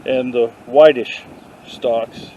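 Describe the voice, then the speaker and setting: A man vlogging a walk through an outdoor garden, dropping deadpan puns as he goes. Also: medium pitch, slow pace, lo-fi sound. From not from the South. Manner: deadpan punning asides. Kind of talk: joking walk-through commentary. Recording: faint outdoor noise.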